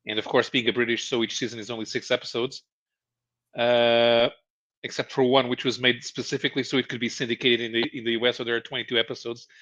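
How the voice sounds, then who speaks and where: A man explaining a show in casual chat as podcast co-host, halting and restarting, chuckling as he goes. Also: medium pitch, level tone, a bit bright. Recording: dull lo-fi stream audio.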